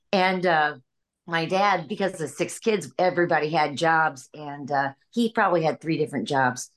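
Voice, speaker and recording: Older lady from illinois, lowish voice, chatty and laughing a lot as she tells family stories. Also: unhurried. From Illinois, USA. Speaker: voice actress guest. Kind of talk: casual interview storytelling.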